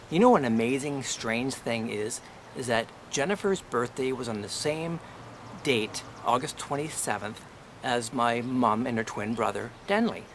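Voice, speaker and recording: A man's voice: mid-range voice, measured pace, a bit bright, a little hiss or hum. A middle-aged man telling a personal family story in a blunt, aggrieved way, swearing often and asking rhetorical questions. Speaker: vlogger.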